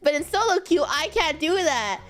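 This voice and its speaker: Giggly high-voiced young woman streamer. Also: animated, moderate pace, fairly bright tone. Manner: giggly, bursts into high laughter often. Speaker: VTuber streamer. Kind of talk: casual livestream chat.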